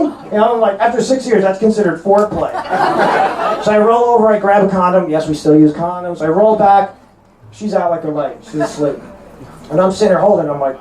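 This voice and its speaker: Heavy background noise accompanies this brash, high-voiced male comic from North Jersey. In his stand-up set on a comedy club stage, he throws out crude punchlines and quick asides to a laughing crowd in a roomy club.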